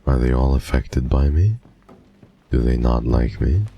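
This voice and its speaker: A man's voice: a bass voice, expressive, unhurried, vocal fry, warm tone, husky, lo-fi sound, soft background music. A man streaming a horror game, chatting playfully to his viewers at a desk mic. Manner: playful, teasing, talks to chat. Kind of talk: casual game commentary.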